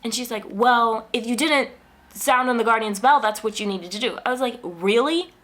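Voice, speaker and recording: A woman vlogger in casual, animated storytelling, whose voice jumps up when she quotes herself in exasperation. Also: fairly high pitch, a little fast. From United States.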